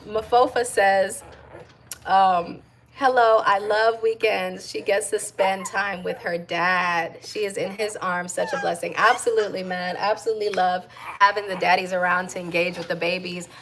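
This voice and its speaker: A young American woman and mom chatting casually on a livestream, reading viewer comments and giving shout-outs to other moms. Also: medium pitch, fairly even intonation, moderate pace, slight background noise. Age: young adult. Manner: warm chatty shout-outs, coos baby talk to her infant.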